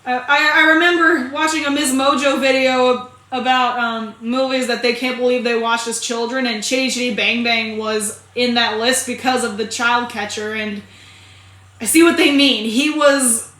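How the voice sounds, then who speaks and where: Bright, high-voiced woman chatting in an echoey room. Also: steady tone, moderate pace. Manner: chatty and rambling, with frequent restarts and laughs. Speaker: movie reviewer. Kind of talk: casual spoken movie review.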